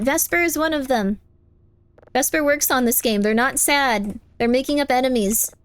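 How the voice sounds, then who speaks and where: Chatting with viewers while live streaming a game, a woman is playful and teasing, repeatedly insisting on things and bursting into squeaky high protests. She speaks at normal speed in this casual gaming chat.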